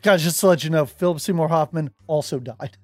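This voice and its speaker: A man's voice: fairly high pitch, brisk, no room sound, soft background music. A man co-hosting a podcast in casual chat, joking and teasing. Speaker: podcast co-host.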